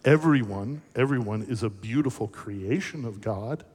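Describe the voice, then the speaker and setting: A man, the pastor, preaching a sermon in an animated, conversational storytelling way, asking the audience questions. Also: medium pitch, moderate pace, breathy edge. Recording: echoey hall reverb.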